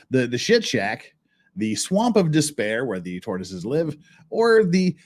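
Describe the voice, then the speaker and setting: A man hosting a casual livestream chat, reading viewer messages with frequent laughs, restarts and a rambling manner. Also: medium pitch. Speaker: channel host.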